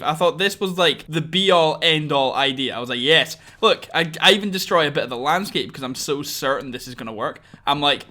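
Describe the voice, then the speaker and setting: A man's voice: on the high side, animated, normal speed, hardly any pauses, pushed and bright. A young man, giving self-mocking, rambling commentary over his own gameplay footage. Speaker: gaming channel host. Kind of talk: post-recorded gameplay commentary.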